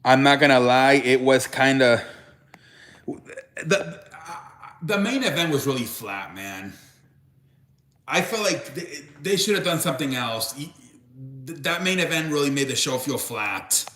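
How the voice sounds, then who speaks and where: A man's voice: medium pitch, lively intonation, unhurried, a bit bright. A young man hosting a casual live stream, rambling and restarting his sentences as he reacts to chat. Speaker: live show host. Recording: echoey room.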